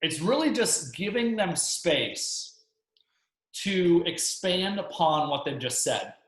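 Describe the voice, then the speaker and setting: A man co-hosting a real estate coaching webinar in casual chat, relaxed, with plenty of fillers and easy laughs. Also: high voice, takes it slowly. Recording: echoey room.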